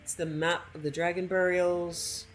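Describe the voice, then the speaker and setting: A woman's voice: fairly low pitch, level tone, normal speed, over music. Snarky woman gaming commentary. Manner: snarky, playful, talking back to characters. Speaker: gamer streaming a playthrough. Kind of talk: casual gameplay commentary.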